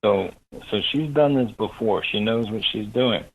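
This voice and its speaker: Male guest, husky and low-pitched, animated storyteller. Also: normal speed, narrow, tinny audio. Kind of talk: storytelling in a radio interview.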